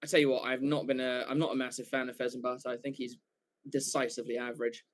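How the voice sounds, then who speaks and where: A man giving live fan commentary for a watchalong stream, excitable, swearing casually and often correcting himself mid-call. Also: mid-range voice, fast talker.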